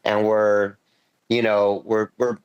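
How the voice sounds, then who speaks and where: A rock singer as a podcast guest, telling stories in a loose, rambling, profane way and acting out what people said. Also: male voice, on the low side, little pitch movement, slow, clean tone, highs cut off. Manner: rambling, profane, quotes himself and others. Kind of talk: casual storytelling interview.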